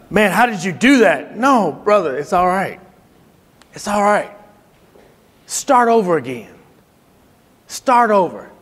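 A man giving an inspirational talk to other men, telling animated stories with frequent laughter. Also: sits high, in a large hall. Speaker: speaker at a men's event.

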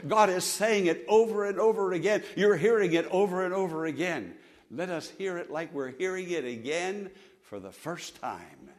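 A male pastor delivering a sermon in a church sanctuary, his voice sitting a touch high for a man. He swings from loud, emphatic declarations down to soft, hushed storytelling. He draws his congregation into call-and-response repetition.

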